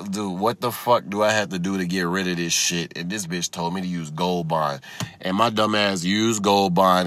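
A low-voiced man vents into his phone in his car, swearing nearly every sentence. He runs a loose solo comedy podcast, and the sound is dead dry with no reverb. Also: sharp tone. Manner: profane, ranting, swears constantly. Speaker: podcast host. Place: inside his own parked car.

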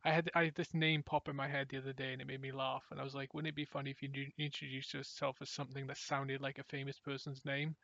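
A man's voice: medium pitch, flat delivery, fast talker, gravelly, few pauses, fairly bright tone, no room sound, dull audio. A man hosting a podcast in casual chat, rambling and giggling as he trails off and restarts his thoughts. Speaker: podcast host.

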